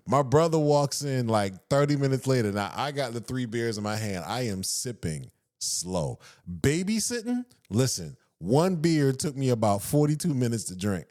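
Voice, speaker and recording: A man's voice: mid-range voice, moderate pace. A man in his thirties with a Southern US accent, a podcast host telling a profane story and acting out the quotes in raised voices. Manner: animated, acts out quotes in raised voices, profane, laughs often. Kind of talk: casual storytelling.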